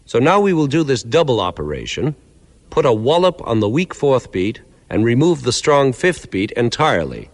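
A man giving a clear, measured lecture that explains musical ideas step by step, sometimes counting out beats. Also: medium pitch, big pitch swings, in a large hall.

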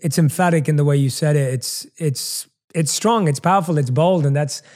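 A London man with a London English accent hosts an interview, praising effusively and repeating himself. His voice is fairly high and a little mellow, at a moderate pace.

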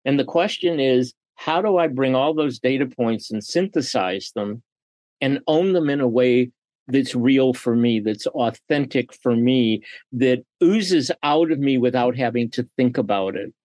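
This middle-aged man, a business leader and coach, is a podcast interview guest with a mid-range voice and a slightly slow delivery. His stories come alive as he performs the quoted lines. There's no reverb on the recording.

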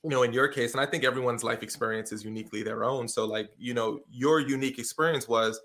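A middle-aged man with a bright, forceful voice tells stories in a relaxed conversation. He slips into quick impressions of what others said, keeping his delivery lively. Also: mid-range voice. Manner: animated storyteller, acts out quotes. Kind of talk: casual conversation.

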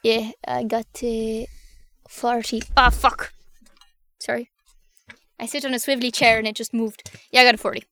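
A woman playing a tabletop game, excitable and quick to curse. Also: on the high side. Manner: excited, cursing. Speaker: player.

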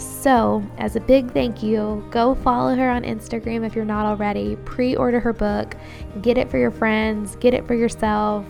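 A woman podcast host with a gravelly, fry-laced voice, signing off the episode with effusive gratitude. Her talk flows easily between thanks and requests to her audience, with music playing clearly underneath. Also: medium pitch. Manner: gushing, warm thanks with light laughs. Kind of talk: heartfelt outro monologue.

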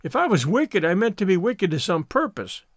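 A man's voice: sits high, sing-song, normal speed, no echo, studio quality. A man reading the part of a dramatic, despairing young orphan girl in a storybook, full of theatrical self-pity. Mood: pleading. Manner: theatrical, self-pitying laments.

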